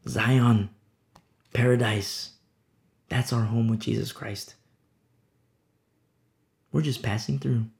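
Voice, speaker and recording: A man's voice: on the high side, gravelly, a little mellow. A man preaching an informal sermon, talking conversationally and acting out little scenes. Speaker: pastor. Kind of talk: informal sermon on a Bible passage.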